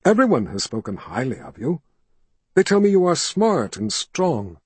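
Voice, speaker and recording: A man reading an audiobook voices a soft-spoken, sinister male ruler who coaxes a frightened child with false gentleness. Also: medium pitch, expressive, a little slow, slightly rough, dry recording. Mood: coaxing, soothing. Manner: soft, coaxing and indulgent. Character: smooth, soft-spoken male tyrant posing as kind.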